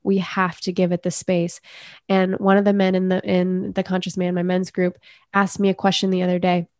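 A woman coach speaking as a podcast guest, earnest and measured as she talks about inner healing. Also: lowish voice, completely flat delivery, a little mellow, dry recording, clean studio sound. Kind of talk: reflective conversational interview.

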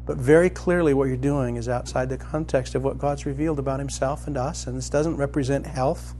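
A middle-aged man preaching a sermon as a pastor, telling a personal story and climbing to loud, excited emphasis. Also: mid-range voice, fairly quick, slight background noise.

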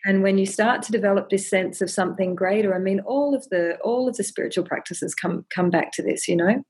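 A woman speaking as a podcast guest, sharing her practice in a gentle, earnest, reflective way and often repeating words as she thinks. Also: medium pitch, a little fast, breathy edge. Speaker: podcast guest, ceremony holder.

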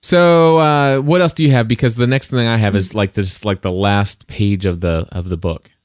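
A man's voice: lowish voice, moderate pace, dry recording, clean studio sound. A man co-hosting a casual book-discussion podcast, switching between reading novel passages aloud and rambling, self-interrupting chat with chuckles.

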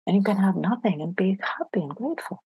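A woman's voice: medium pitch, expressive, quick pace, husky, no echo, phone-quality sound. A woman being interviewed as a leadership coach, talking earnestly in casual conversation and dropping to a near-whisper for emphasis.

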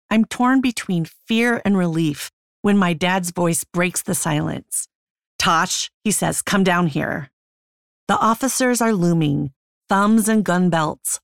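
A woman reads her own memoir aloud in a tense, intimate first-person voice. Her tone is low and gravelly. It is recorded close and dry on a studio mic with no room sound. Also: no echo. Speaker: memoir author and narrator. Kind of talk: audiobook memoir narration.

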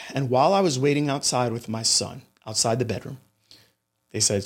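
A man's voice: mid-range voice, normal speed, long pauses. A man hosting a podcast, telling a story in a monologue and talking straight to his listeners. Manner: animated storytelling, addresses listeners directly. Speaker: podcast host.

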